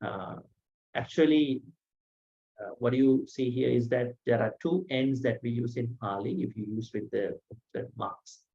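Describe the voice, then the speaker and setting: A man teaching a language lesson online, saying each sound slowly and patiently, with frequent pauses. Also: medium pitch, warm tone, breathy edge. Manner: slow, patient, pronounces sounds one by one with many "uh" pauses. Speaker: Pali teacher. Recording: dull lo-fi audio.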